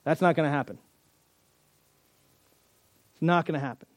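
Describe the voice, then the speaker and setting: A man preaching a sermon in a conversational, animated way, often acting out the voices of the people in his story. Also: mid-range voice, brisk, long pauses, dry recording. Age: adult. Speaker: pastor.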